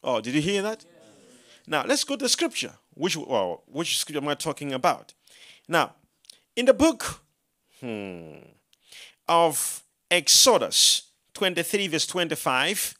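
A man preaching a sermon, telling his own story with animation, acting out his prayers and rising to loud, emphatic proclamation when he quotes scripture. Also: on the high side, huge pitch swings, measured pace.

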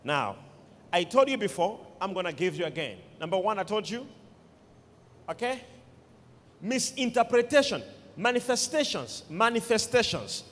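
A man's voice: high voice, lively intonation, moderate pace, long pauses, a bit bright. A man preaching a sermon, emphatic, repeating key words and calling on the congregation to respond. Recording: long hall reverb.

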